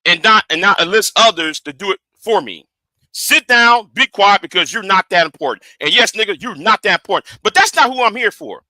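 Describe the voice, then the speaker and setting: High-pitched, sharp-voiced man ranting. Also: animated, brisk, no room sound, low-quality recording. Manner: angry, profane, directly addressing a rival. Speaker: live streamer. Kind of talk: confrontational livestream rant. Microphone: streaming setup.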